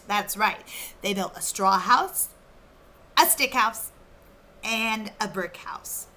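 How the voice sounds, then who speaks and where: A woman reading a storybook aloud to children like a teacher, expressive, and pausing to ask them questions. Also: medium pitch. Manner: expressive, asking the listeners questions.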